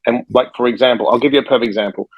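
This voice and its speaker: A man who is a life coach and author, telling a story in a podcast conversation with lively energy and acting out the people in it. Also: medium pitch, rapid-fire, husky, no room sound, highs cut off. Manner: energetic, acts out the people in his stories.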